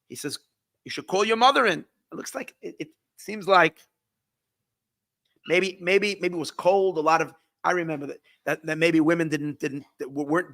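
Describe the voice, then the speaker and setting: A rabbi tells a story in a somewhat high, bright, forceful voice, starting over and repeating words as he goes. His voice is dry and close, and he drops Yiddish words into the telling. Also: no echo. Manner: halting, repeats words and restarts often. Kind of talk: storytelling talk.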